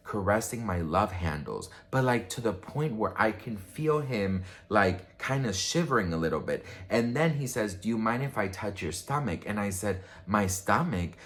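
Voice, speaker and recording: A man's voice: medium pitch, a bit bright. A man vlogger telling a personal story in a casual, rambling way, full of fillers and restarts. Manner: rambling, filler-heavy, chatty.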